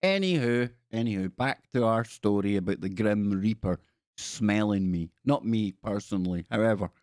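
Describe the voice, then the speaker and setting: Here the livestream host speaks at normal speed in a low, slightly mellow voice, recorded cleanly in a studio without echo. He's reading his viewers' stories, dropping in rambling, playful comments and joking spooky voices.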